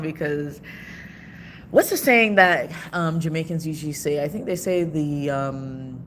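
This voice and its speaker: A woman's voice: sits low, unhurried, slight background noise. A woman in her thirties from Toronto, with a Canadian accent and a Caribbean background, talking candidly in a casual vlog with frequent laughs and slangy asides. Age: 30s. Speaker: vlogger.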